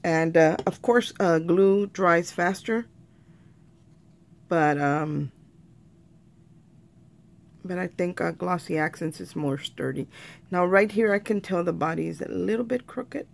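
A woman's voice: fairly low pitch, slow pace, gravelly, pauses often. A woman talking viewers through a craft tutorial in a chatty way, often calling them "you guys".

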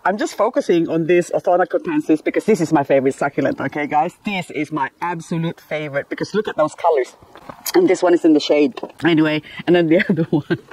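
A woman's voice: low-pitched, quick pace, darkish tone, slightly rough. A woman vlogging casually about her succulents and married life, laughing often mid-sentence. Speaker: gardening vlogger. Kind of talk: casual chat to camera.

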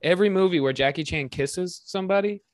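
A man's voice: high-pitched, fast. Jokey man acting out movie scenes. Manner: jokey, animated, acts out scenes. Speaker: podcast co-host. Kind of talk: casual movie chat.

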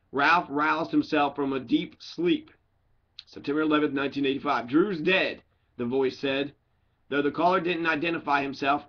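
Man, somewhat high voice, casual read-aloud, joking tangents, self-corrections, muffled lo-fi sound. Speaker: audiobook reader.

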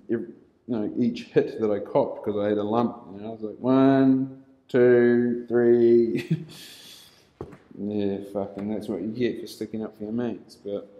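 A young New Zealand man with a New Zealand accent telling a rough story casually, heavy on swearing and laughter, now and then shouting. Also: fairly low pitch, reverberant, low-quality recording.

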